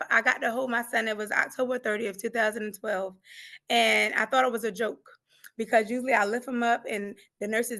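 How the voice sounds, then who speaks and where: A woman's voice: fairly high pitch, bright, forceful tone. A middle-aged woman, a grief coach, passionately telling her story of faith with acted-out quotes. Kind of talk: emotional personal testimony.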